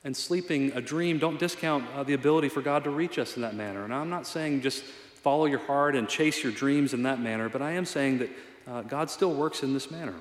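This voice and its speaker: A man's voice: medium pitch, fairly quick. A man preaching a sermon as a pastor, conversational and earnest, with a self-deprecating touch. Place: church sanctuary. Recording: echoey hall reverb.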